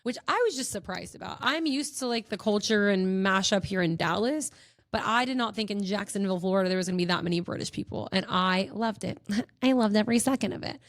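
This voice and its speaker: A young woman tells stories on her own podcast in a bubbly, gushing way, giggling often. Her pitch sits in the middle for a woman. The recording is close and dry, with no room sound. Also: brisk, no echo. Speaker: podcast host. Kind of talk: casual chat.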